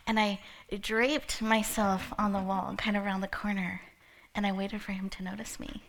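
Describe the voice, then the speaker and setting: A woman's voice: medium pitch, level tone, moderate pace, vocal fry, slight background noise. A woman giving a playful, inspirational opening talk to a live audience, telling stories and laughing often. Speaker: motivational speaker opening an event.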